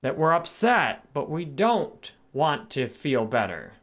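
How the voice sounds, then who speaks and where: Brief: man in his thirties, live stream host, reflective self-help talk, voice a touch high. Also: takes it slowly. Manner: calm, reflective, greets viewers by name between points.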